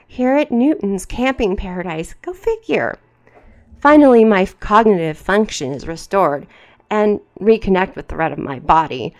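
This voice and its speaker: A woman hosting a podcast, reading fan fiction aloud in a dramatic voice and breaking off for wry, mocking asides. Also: medium pitch. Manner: wry, mocking asides between read passages. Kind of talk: dramatic reading with sarcastic commentary.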